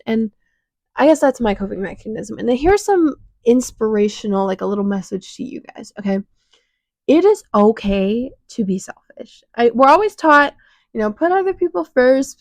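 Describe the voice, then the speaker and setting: Teen woman, Chicago accent, slightly high voice, dry close sound; tearful, breathless venting monologue on a shirt mic. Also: no echo, low-quality recording. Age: teens. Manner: raw, venting, choked up, swearing. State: short of breath, choked up. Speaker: podcast host. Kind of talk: emotional personal monologue. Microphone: clip-on mic attached to shirt.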